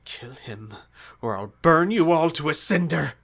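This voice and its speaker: A man's voice: on the high side, animated, measured pace, vocal fry, voice pushed up, full character voice. A man voicing a furious, vengeful male trickster god who sputters threats. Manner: shouting threats, sputtering with rage.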